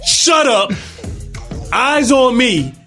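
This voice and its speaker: A man putting on the voice of a fed-up new mother scolding her husband, loud and sassy. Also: very high voice, lively intonation, normal speed, soft background music. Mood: exasperated.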